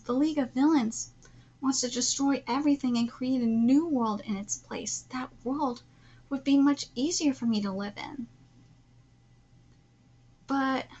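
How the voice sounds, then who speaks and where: A young female villain speaks in a soft, confessional tone, as a woman reads her lines aloud. The voice sits high and the reading stays plain and slightly hesitant. The audio is dull and lo-fi. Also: breathy edge, full character voice. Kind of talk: reading manga dialogue aloud.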